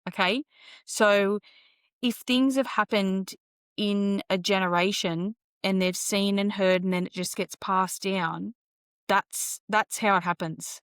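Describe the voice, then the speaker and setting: Calm woman explaining patiently. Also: medium pitch, slow pace, smooth, dry recording, studio quality. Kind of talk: casual chat.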